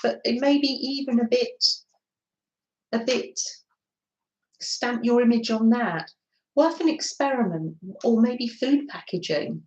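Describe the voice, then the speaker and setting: A woman's voice: fairly high pitch, measured pace, pauses often, lo-fi sound. A middle-aged woman hosting a craft live stream, chatting casually and reading out viewers' comments. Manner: chatty, warm greetings to viewers. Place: indoors at a craft desk. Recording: echoey room.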